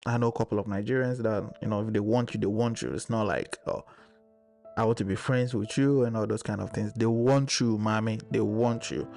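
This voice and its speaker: A man on a discussion panel, calmly explaining his views in casual debate. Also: fairly low pitch, brisk, gravelly, hardly any pauses, faint music behind.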